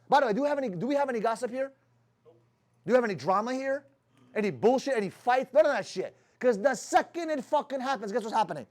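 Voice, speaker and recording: A high-pitched man talks at a rapid clip, coaching his sales team. He is blunt and swears constantly, throwing rhetorical questions at the people in front of him. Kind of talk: motivational talk to his team.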